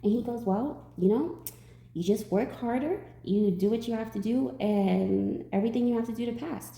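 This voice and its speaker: Woman, tarot reader, storyteller; dark gravelly voice, roomy sound. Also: fairly high pitch, normal speed. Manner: animated storytelling, acts out quotes. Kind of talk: storytelling to viewers.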